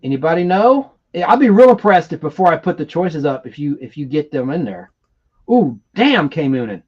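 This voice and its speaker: A man hosting a live stream in a rambling, excitable manner, chatting casually and reading viewer comments aloud between trivia questions. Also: a little high, normal speed, dull audio. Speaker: livestream host.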